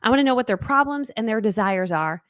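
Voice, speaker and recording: A woman's voice: fairly high pitch, fast, no room sound, clean studio sound. Bubbly chatty woman coach. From New England, United States. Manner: bubbly, chatty, animated, with laughs and playful acted quotes. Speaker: online business coach. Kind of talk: live training webinar.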